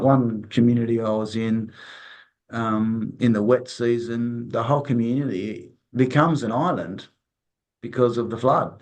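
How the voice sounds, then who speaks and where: A man's voice: mid-range voice, creaky, a little mellow. A man in an interview, telling stories in a rambling, casual way, repeating words and acting out quoted dialogue. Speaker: interview guest, resilience consultant.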